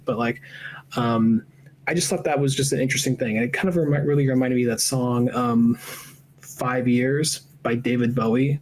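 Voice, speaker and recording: Male podcast co-host, rambling casual review talk, mid-pitched, slight background hum. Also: fairly even intonation, moderate pace. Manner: rambling, profane, lots of fillers. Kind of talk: casual film review chat.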